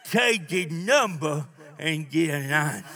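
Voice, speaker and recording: An older man preaching a sermon, emphatic, with call-and-response and drawn-out phrases. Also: on the high side, lively intonation, bright, forceful tone.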